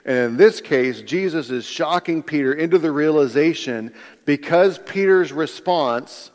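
A man's voice: on the high side, expressive, unhurried, a little mellow. Conversational male preacher, long hall reverb. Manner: conversational, explains word by word, asks listeners rhetorical questions. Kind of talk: sermon.

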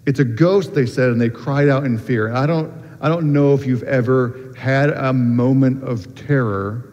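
A man preaching in a loose, conversational style at a middle pitch, his speech full of ums and restarted phrases. The sound is dull and muffled, and his voice rings with the long reverb of a large hall. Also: steady tone, normal speed, darkish tone. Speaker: pastor. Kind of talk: sermon.

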